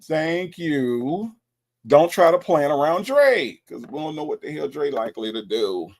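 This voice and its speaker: A man hosting a live show, teasing and animated, repeating words in rapid bursts as he reacts to a call recording. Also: fairly high pitch, vocal fry. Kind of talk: mocking commentary on a call recording.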